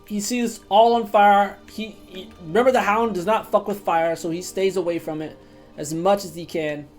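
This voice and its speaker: A woman's voice: mid-range voice, steady tone, moderate pace, a little mellow, faint music behind. A woman streamer giving casual, profane commentary while roleplaying a video game. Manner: chatty, swears freely.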